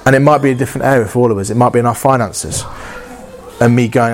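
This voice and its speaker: A man's voice: mid-range voice, rapid-fire, slight background noise. A man preaching a sermon in an earnest, conversational way, often acting out inner dialogue and repeating phrases.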